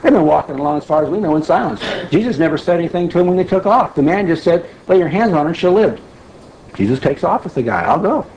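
A man's voice: on the high side, expressive, quick pace, darkish tone, highs cut off, a little hiss or hum. A man leading a Bible study group, teaching in a conversational, emphatic way and putting questions to the group.

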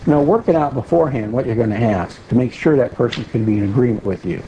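Mellow-voiced man teaching scripture. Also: medium pitch, fast talker. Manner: explanatory, repeats key phrases for emphasis. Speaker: Bible teacher. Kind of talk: conversational Bible teaching. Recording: dull lo-fi recording with faint hiss.

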